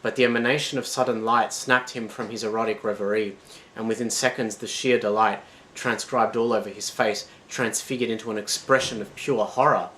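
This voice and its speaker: A man's voice: lowish voice, steady tone, a little fast, fairly bright tone, slight background noise, poor audio. A man reading a dramatic retelling of a myth as a scripted narration.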